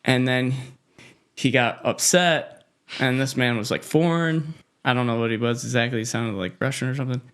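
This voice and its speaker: A man's voice: medium pitch, fairly even intonation, normal speed, fairly bright tone, clear, resonant tone. A man co-hosting a podcast, telling a customer service story in casual chat with laughs along the way. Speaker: podcast co-host.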